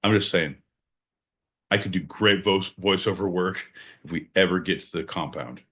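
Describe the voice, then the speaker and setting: A man's voice: sits low, normal speed, a bit bright. A man hosting a comedy podcast, riffing on absurd bits in profane, improvised banter. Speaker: podcast host.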